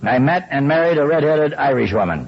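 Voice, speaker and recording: A man's voice: on the high side, very animated, fairly quick, background noise. Wry folksy older man, lo-fi recording. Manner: wry, folksy, clears throat often. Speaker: speaker sharing his recovery story. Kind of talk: humorous storytelling talk.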